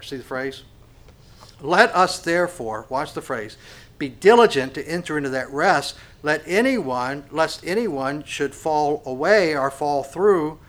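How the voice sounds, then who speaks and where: A pastor preaching a sermon, mixing conversational asides and repeated words with emphatic, rising stresses on key phrases. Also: male voice, a little high, a bit bright.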